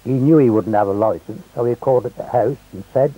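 A man's voice: mid-range voice, a little fast, narrow, tinny audio. An elderly man from England narrating local history as wry, chatty anecdotes. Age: older. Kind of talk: storytelling reminiscence.

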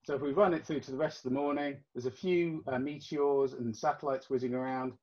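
Relaxed man on a dull call. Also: medium pitch, fairly quick. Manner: relaxed and explanatory, many ums and uhs. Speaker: astronomy club meeting presenter. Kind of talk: informal presentation over video call. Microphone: video call. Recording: dull lo-fi video call audio.

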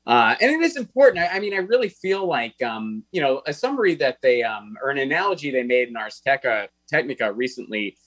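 Male co-host, casual and jokey, mid pitch, dry close sound. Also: very animated, fairly quick, few pauses, a bit bright, no room sound, poor audio. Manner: jokey, puts on mock voices in bits. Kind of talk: casual chat on a video call.

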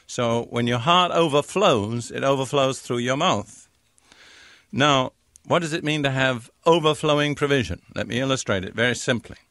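An older man teaching the Bible in a sermon, slowing down to read scripture verses with measured emphasis. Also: mid-range voice, a bit bright, no echo, clean studio sound.

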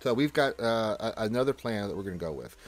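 A man's voice: lowish voice, expressive, fast, soft background music. A man hosting a casual gaming livestream, reading chat messages aloud and greeting viewers with loose jokes and plenty of fillers. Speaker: livestream host.

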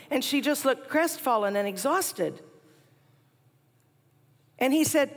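A woman in her forties giving a storytelling chapel talk, animated and laughing at herself now and then. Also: high-pitched, measured pace, pauses often. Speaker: chapel speaker. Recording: long hall reverb.

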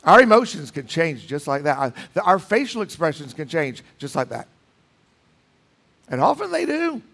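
A pastor preaching in a church, emphatic, with dramatic swings between loud lines and hushed ones. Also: male voice, fairly high pitch, big pitch swings, moderate pace, creaky. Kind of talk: sermon. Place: church sanctuary.

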